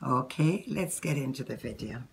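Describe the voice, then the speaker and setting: A woman's voice: rumbling low, lively intonation, normal speed, vocal fry, very noisy. A woman with a Jamaican accent, chatting casually to her viewers as she walks them through making a wig step by step. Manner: chatty, instructive, talks straight to the viewer. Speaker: hair vlogger.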